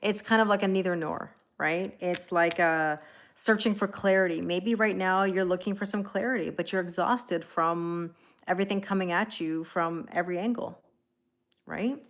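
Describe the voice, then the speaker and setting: A woman's voice: on the low side, normal speed. A woman doing a live-stream tarot reading, talking casually and rambling, greeting viewers by name with lots of fillers and self-corrections. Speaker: tarot reader.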